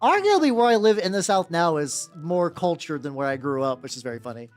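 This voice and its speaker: A man with a higher-register voice streaming as he paints miniatures, chatting casually with viewers and rambling with lots of "like" and restarts. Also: big pitch swings, brisk, faint music behind. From United States. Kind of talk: casual livestream chat.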